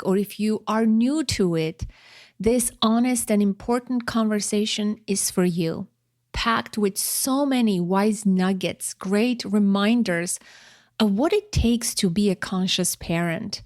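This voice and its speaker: A woman podcast host reads a prepared introduction in a calm, steady voice. The sound is dry and close, with no room around it. Her pitch sits in an ordinary middle range. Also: no room sound.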